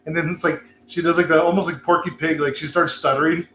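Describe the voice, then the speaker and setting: Give me a laid-back, high-voiced man hosting a cigar lounge chat. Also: fairly even intonation, fast talker, fairly bright tone, echoey room, slight background noise. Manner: laid-back, swearing, laughing, rambling. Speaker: host. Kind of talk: casual livestream chat.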